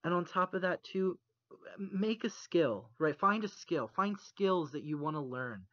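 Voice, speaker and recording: A man co-hosting a podcast, talking earnestly and haltingly, close to tears, recorded over an internet call. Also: on the high side, expressive, bright, forceful tone, no echo. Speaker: podcast co-host. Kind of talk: casual chat. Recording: muffled dry call recording.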